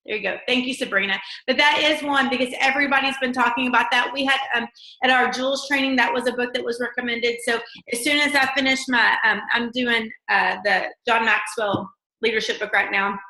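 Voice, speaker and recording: Woman host, casual live chat, rambling and upbeat, bright tone. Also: fairly high pitch, steady tone, reverberant. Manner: bubbly, rambling, quick laughs.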